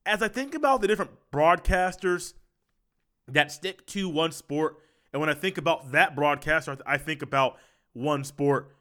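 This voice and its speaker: A man's voice: fairly high pitch, normal speed, fairly bright tone. A man hosting a solo sports podcast with a head cold, talking in a loose conversational way and repeating his phrases. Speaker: podcast host.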